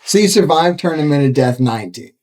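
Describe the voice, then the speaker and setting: Easygoing man hosting, lively pitch. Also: fairly quick. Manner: easygoing, teasing questions. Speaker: podcast host. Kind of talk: casual interview chat.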